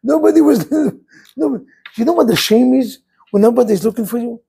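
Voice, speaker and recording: A man's voice: very high voice, brisk, gravelly, warm tone, breathy edge, poor audio. A man, a rabbi, preaching an impassioned sermon full of rhetorical questions.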